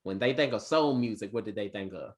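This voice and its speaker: A man teacher telling a class a story in an animated, preacher-like cadence with big vocal swings. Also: lowish voice, fairly quick.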